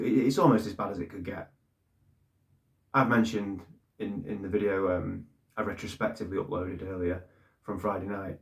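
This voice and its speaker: A man giving blunt, ranting fan commentary on his club, swearing and repeating points for emphasis. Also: lowish voice. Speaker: fan channel host.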